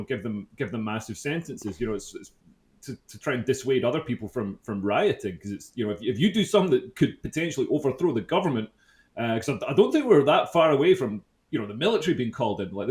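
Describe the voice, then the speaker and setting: A man co-hosting a casual political podcast chat, sarcastic, often dropping his voice low. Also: sing-song, fast, darkish tone. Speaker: podcast co-host. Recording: roomy echo.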